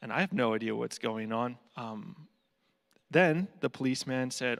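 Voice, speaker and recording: A man's voice: mid-range voice, expressive, moderate pace, gravelly, a bit bright, long reverb tail. A man giving a guest talk at a church, telling a story in a humorous, casual way. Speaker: guest speaker for a charity.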